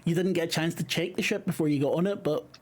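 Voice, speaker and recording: A man runs a tabletop horror game as game master, narrating in a halting way with many fillers. His voice is a little higher than most men's. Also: breathy edge.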